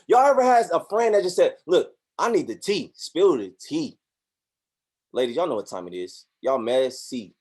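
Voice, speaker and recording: A man giving a motivational talk, preachy and animated, acting out voices in his stories. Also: fairly high pitch, normal speed, husky. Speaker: motivational speaker.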